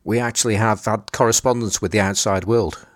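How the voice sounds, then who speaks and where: A man co-hosting a podcast, giving short, measured replies in casual chat. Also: fairly low pitch, fairly even intonation, no echo, clean studio sound. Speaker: podcast co-host.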